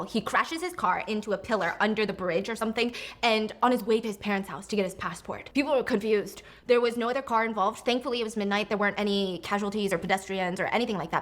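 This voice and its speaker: A woman casually telling a story in a reaction chat, animated and acting out quotes. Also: mid-range voice, fast, few pauses.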